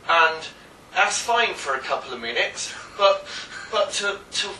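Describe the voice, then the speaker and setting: A man's voice: high voice, lively intonation, unhurried, sharp tone, a little hiss or hum. A man from England, co-hosting a casual chat, telling a story hesitantly with ums and restarts. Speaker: co-host. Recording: roomy echo, mic at a distance.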